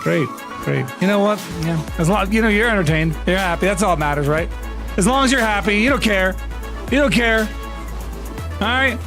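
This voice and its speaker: A man in his thirties talks through a live game stream with exasperated, playfully dramatic energy. His fairly high voice swoops widely as he rants. Loud music plays behind him the whole time. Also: animated, normal speed. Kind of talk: live gaming stream chat. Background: loud music playing.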